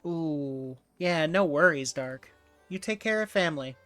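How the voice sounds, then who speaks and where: A male streamer talking casually over his game in a slightly high voice, loose and joking with a freely swearing manner. Faint game music runs underneath. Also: expressive, measured pace, a bit bright, no room sound. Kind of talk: casual gaming commentary.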